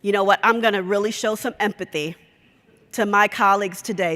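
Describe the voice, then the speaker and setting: A woman giving a conference talk, a lively storyteller who acts out the dialogue. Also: mid-range voice, fairly quick. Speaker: conference speaker. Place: conference session hall. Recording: echoey conference hall.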